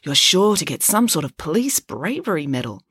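A woman's voice: low-pitched, sing-song, fairly bright tone, husky, no room sound, clean studio sound, full character voice. A woman voicing a bossy, very confident know-it-all girl who talks smugly and persuasively in a storybook reading. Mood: soothing. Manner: smug, persuasive, fast-talking.

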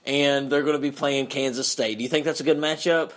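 A man's voice: mid-range voice, fairly even intonation, a little fast. A man with a Southern US accent hosting a podcast, rambling and laughing often in casual banter. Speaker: podcast host.

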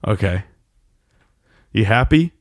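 Gravelly man teasing his co-host. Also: fairly low pitch, expressive, slow pace, no echo, studio quality. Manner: teasing, persistent, laughs often. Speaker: podcast co-host. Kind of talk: casual banter.

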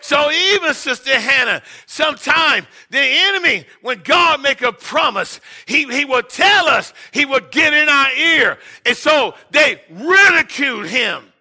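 A man preaching a charismatic sermon in a church, shouting and whooping in bursts, then dropping to quiet storytelling. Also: very high voice, lively intonation, a little slow, few pauses, a faint crowd. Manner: speaks in tongues. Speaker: pastor. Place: church sanctuary.

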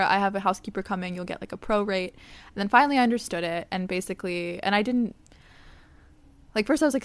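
Smooth-voiced young woman telling a story. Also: mid-range voice, fast talker. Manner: animated storytelling, laughs often, quotes others. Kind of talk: casual chat.

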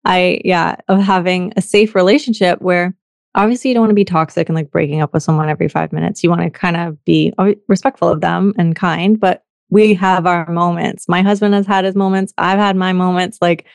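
A woman's voice: lowish voice, steady tone, fairly quick, creaky, no room sound, studio quality. A woman hosting a podcast in casual conversation, chatty and laughing often.

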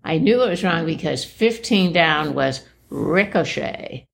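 A woman's voice: low-pitched, expressive, measured pace, creaky, husky. A woman from northeast Wisconsin co-hosting a crossword podcast, agreeing in short replies and giggling often. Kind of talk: casual chat.

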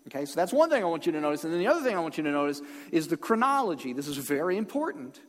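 A man's voice: fairly high pitch, big pitch swings, rapid-fire, few pauses, in a large hall. A man preaching a sermon as pastor, emphatic and pressing his listeners to take each point in. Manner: emphatic, calls on the congregation to respond.

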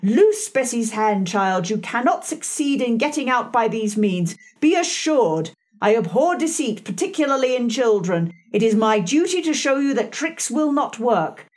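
A woman voicing a stern, cold older aunt who speaks in a slow, peremptory way. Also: fairly high pitch, sing-song, a little mellow.

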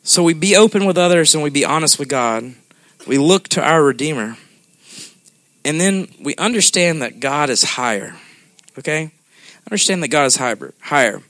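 A man's voice: a little high, expressive, normal speed, a bit bright, no echo, studio quality. A man preaching a sermon in a conversational way, often checking in with the congregation. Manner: conversational preaching with frequent "okay?" check-ins.

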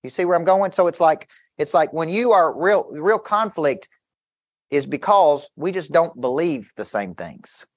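A man's voice: a little high, expressive, unhurried, dry recording, clean studio sound. A man who works as a business coach, giving an intense motivational seminar talk to an audience, telling stories with quoted back-and-forth dialogue and repeating words as he pushes his points.

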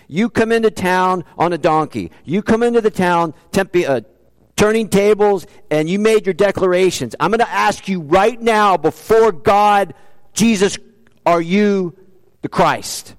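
A man's voice: high-pitched, long reverb tail. A man preaching a sermon as pastor, earnest, asking rhetorical questions and repeating key phrases for emphasis.

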